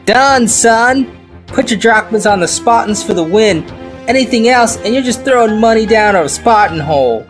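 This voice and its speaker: A man doing a smug high-voiced sports pundit. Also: animated, moderate pace, faint music behind. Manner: raised, showy pundit voice. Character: smug male sports pundit making bold picks. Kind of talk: mock sports broadcast.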